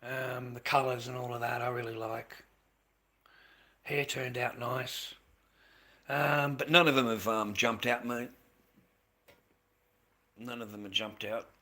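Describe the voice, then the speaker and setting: A man's voice: mid-range voice, fairly even intonation, slow, long pauses, pushed and bright. A middle-aged Australian man chatting casually on a livestream, rambling and repeating himself, calling viewers mate and swearing now and then. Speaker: livestreamer selling handmade masks.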